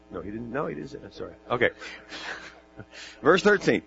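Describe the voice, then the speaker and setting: A man preaching a sermon, lively, with joking asides and questions to his listeners. His voice sits at an ordinary pitch. The recording sounds dull and lo-fi, with a faint mains hum underneath. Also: normal speed, vocal fry, pauses often. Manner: animated, jokey asides and rhetorical questions.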